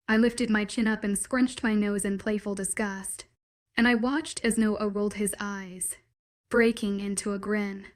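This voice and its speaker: A woman's voice: mid-range voice, little pitch movement, unhurried. Woman narrating a story. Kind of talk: scripted first-person story narration.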